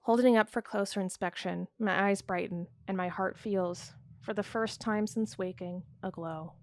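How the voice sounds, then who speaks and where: A woman hosting a let's play reads a story game aloud in a calm, measured voice at a middle pitch. She pauses to think out loud about it, with soft game music faintly behind her. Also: no room sound. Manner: calm, measured narration, with hesitant, searching commentary. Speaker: let's play host reading a text game. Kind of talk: reading game text aloud and chatting.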